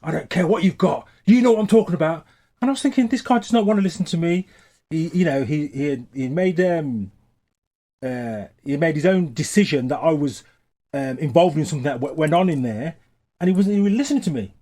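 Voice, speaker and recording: A man's voice: a little high, a little fast. Hesitant man recounting a memory. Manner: hesitant, many "um"s, grows animated. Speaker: interviewee. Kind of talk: documentary interview recollection.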